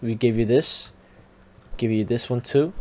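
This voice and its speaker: A man's voice: mid-range voice, unhurried, darkish tone, slight background noise. A young man giving casual game commentary, teasing and talking back to the characters on screen. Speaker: gamer.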